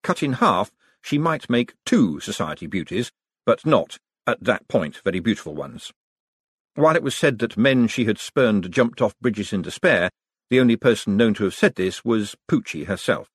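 Wry expressive male audiobook narrator. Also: lowish voice, moderate pace, husky, dry recording, clean studio sound. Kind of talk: scripted narration.

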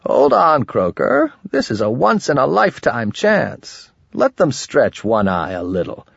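A squeaky, excitable little goblin wizard yelps and giggles in a high, husky pitch, as a male narrator puts him on. The delivery is dry and close, and the audio sounds slightly dull. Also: a little slow, no room sound, exaggerated voice. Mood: gleeful. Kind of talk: audiobook character voice.

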